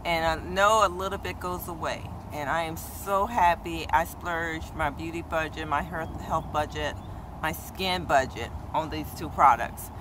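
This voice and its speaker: A woman beauty vlogger in casual chatty talk, checking in with her viewers with "okay?" and getting animated and repetitive when excited. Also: low voice, measured pace, background noise. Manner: animated, exclaims and repeats herself when excited; talks straight to her viewers with frequent "okay?". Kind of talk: casual chatty product review.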